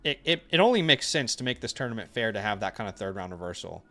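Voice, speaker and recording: A man co-hosting a casual live stream, relaxed and opinionated, laughing easily. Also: on the low side, quick pace. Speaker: co-host of a fantasy football stream.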